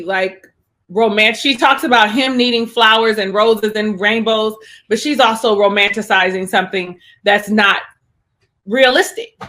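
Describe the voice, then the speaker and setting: A woman co-hosting a podcast, chatting casually about a reality show and acting out quotes as she talks. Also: mid-range voice. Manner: chatty, animated, acts out quotes. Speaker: podcast co-host.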